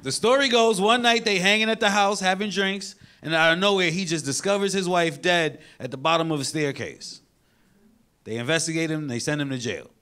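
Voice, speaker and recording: A man in his thirties from New York, with a New York accent, doing an animated stand-up set and acting out the people he quotes. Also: a little high, fairly quick, smooth. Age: 30s. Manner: animated, acts out quoted characters in loud bursts. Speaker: stand-up comedian. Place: comedy show with live audience. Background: audience laughter.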